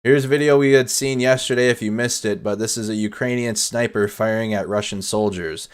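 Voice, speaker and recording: A somewhat low-voiced man talks over footage on a live stream in a casual, chatty, energetic way. He comments freely and addresses viewers directly as the host. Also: fairly quick, clean tone. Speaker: host of nightly war update stream.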